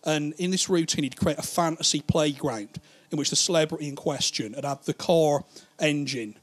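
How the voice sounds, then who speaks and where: Rambling, sweary comedian with a higher voice. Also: male voice, normal speed. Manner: rambling, profane, laughs at his own jokes. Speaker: stand-up comedian. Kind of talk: stand-up storytelling.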